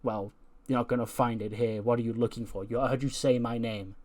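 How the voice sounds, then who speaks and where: A man voicing a sly, menacing veteran female wrestler who taunts in a low, quiet voice. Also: steady tone, a little fast, close to an everyday voice.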